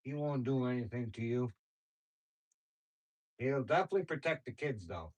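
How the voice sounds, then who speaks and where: Chatting with his audience on a livestream, a man tells meandering stories full of slang and laughs a lot. His mid-range voice is animated and moves at a normal speed, though the recording is rough.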